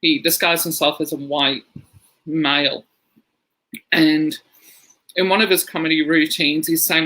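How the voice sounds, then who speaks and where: Bright-voiced man telling stories. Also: a little high, little pitch movement, unhurried, pauses often, low-quality recording. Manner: rambling storyteller, laughs through anecdotes. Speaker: podcast co-host. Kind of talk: casual chat.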